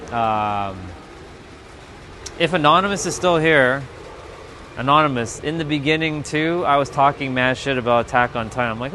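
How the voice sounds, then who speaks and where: A man's voice: medium pitch, normal speed, a little hiss or hum. A man in his thirties hosting a livestream, telling stories in a casual chat full of swearing and mocking quoted asides. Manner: profane, animated storytelling with mocking quoted asides. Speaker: livestream host.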